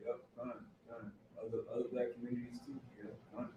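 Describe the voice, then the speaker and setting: A man in a discussion who mostly adds short agreements and is animated when he tells his own story. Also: mid-range voice, brisk, highs cut off. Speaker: discussion participant. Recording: distant, echoey, noisy room.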